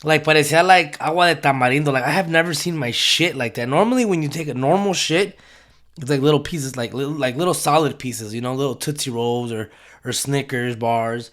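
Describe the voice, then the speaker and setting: A man's voice: mid-range voice, fairly quick, a bit bright. A young man telling a rambling, profane story in a casual way, slipping into Spanish phrases.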